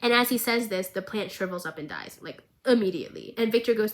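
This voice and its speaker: A young woman vlogger giving a casual, animated recap of a show, with lots of filler words. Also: medium pitch, fast, few pauses. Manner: animated, chatty, filler-heavy.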